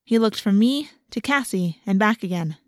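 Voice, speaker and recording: Woman audiobook narrator, expressive, dry close mic. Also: medium pitch, normal speed, no echo. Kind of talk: scripted first-person narration.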